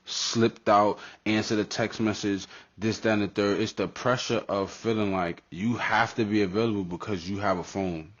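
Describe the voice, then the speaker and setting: A man co-hosting a podcast, talking casually and reflectively, dropping into relaxed street talk. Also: lowish voice, moderate pace, few pauses, muffled recording. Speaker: podcast co-host.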